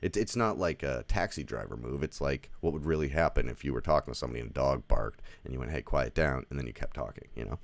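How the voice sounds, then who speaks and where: Very deep gravelly male film reviewer. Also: fast talker, hardly any pauses. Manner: rambling, profane, heavy use of "like". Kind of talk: casual spoken movie review. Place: home, with a dog nearby.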